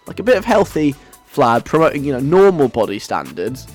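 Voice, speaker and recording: A man's voice: on the high side, sing-song, fairly quick, hardly any pauses, darkish tone, faint music behind. A man hosting a radio show in a playful, rambling way, chuckling as he goes. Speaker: radio host. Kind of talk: casual radio chat.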